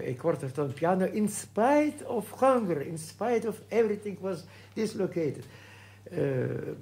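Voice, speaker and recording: A man in his eighties from Russia, speaking English with a Russian accent, recalling his past at home in a halting way full of hesitations. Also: on the high side, creaky, darkish tone. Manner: halting, many hesitations and restarts. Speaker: composer being interviewed. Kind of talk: reminiscing interview.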